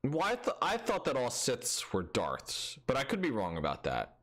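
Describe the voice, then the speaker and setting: A man's voice: mid-range voice, wildly swooping pitch, normal speed, fairly bright tone. A man co-hosting a podcast in casual chat, playful and riffing on silly jokes. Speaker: podcast co-host.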